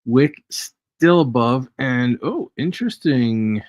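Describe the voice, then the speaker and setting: A man's voice: mid-range voice, animated, takes it slowly, a little mellow, no room sound. A man hosting a casual live trading stream, chatty and jokey, chuckling as he reads charts aloud. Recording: dry, dull lo-fi stream audio.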